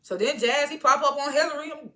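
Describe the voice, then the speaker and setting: A woman's voice: high voice, fast, bright, forceful tone. A woman casually recapping a TV episode, chatty and slangy as she retells scenes. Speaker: TV show reviewer.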